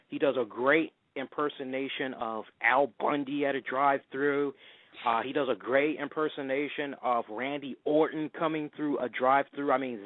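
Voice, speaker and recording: A man hosting a casual wrestling talk show, excitable and quick to slip into loud put-on voices. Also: medium pitch, no echo. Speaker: podcast host. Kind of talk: casual radio-style chat. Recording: tinny phone-line sound.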